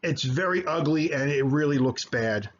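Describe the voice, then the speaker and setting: A man teaching high school history over slides, explaining at length with frequent fillers and self-corrections. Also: moderate pace, highs cut off, a little hiss or hum. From United States. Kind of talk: recorded slideshow lecture.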